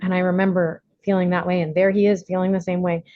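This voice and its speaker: A woman's voice: on the low side, level tone, quick pace, no room sound. A woman leading a recovery workshop over a video call, chatty, laughing often and using lots of fillers. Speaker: workshop leader. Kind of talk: casual recovery workshop talk. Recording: slightly muffled video call audio.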